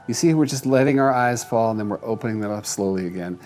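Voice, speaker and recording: A man's voice: on the low side, quick pace, few pauses, darkish tone, soft background music. Chatty man explaining cat care. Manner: chatty and demonstrative, with loose restarts. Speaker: host giving cat-care advice. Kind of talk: casual instructional talk to camera.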